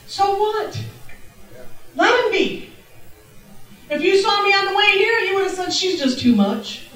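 A middle-aged woman preaching a testimony sermon in a church, exuberant and laughing, breaking into shouts of praise. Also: very high-pitched, unhurried. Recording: very echoey church, distant mic.

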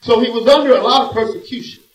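A man preaching a sermon in a church, swinging between hushed, drawn-out phrases and loud emphatic bursts. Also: extremely high pitch. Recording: echoey room, voice from a distance.

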